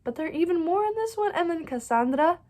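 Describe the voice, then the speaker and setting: A woman's voice: very high voice, animated, a little fast, a little mellow. A woman chatting casually about books she loved, gushing and rambling with lots of "like" and frequent restarts. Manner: gushing and bubbly, many "like"s and "so good"s; rambling, restarts her sentences. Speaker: book vlogger. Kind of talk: casual reading wrap-up chat.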